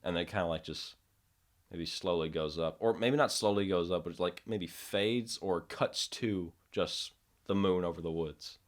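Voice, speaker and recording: A man with a very low voice chatting casually on a podcast. He rambles and restarts, and now and then drops into a hushed voice to act out a scene. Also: moderate pace. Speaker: podcast co-host. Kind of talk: casual chat about horror films.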